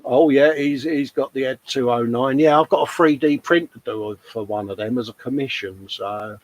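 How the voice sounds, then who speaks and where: A man's voice: medium pitch, normal speed, poor audio. A man co-hosting a hobby livestream, casually chatting and reading out viewer comments, calling everyone mate. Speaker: livestream co-host.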